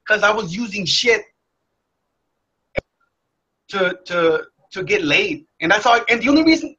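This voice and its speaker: A young man telling a candid personal story in a blunt, profane, animated way. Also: extremely high pitch, slightly rough. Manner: profane, blunt, animated, acts out his past self. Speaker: motivational speaker. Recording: dull lo-fi sound.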